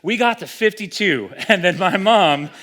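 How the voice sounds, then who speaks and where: A young adult man preaching a sermon in a relaxed, conversational way, animated and acting out the voices he quotes. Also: high voice, unhurried. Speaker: pastor.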